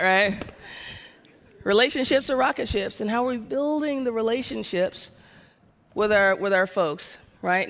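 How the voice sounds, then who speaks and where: A woman from the American South gives a motivational keynote, talking energetically and firing questions at the audience. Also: medium pitch. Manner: energetic, conversational, keeps asking the audience questions. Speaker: keynote speaker. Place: large event hall. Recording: long hall reverb.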